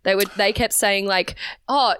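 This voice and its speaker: Laughing Australian woman with smooth lower voice. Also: a little fast, no echo, clean studio sound. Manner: laughs often, animated storytelling. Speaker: podcast guest. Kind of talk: casual interview chat.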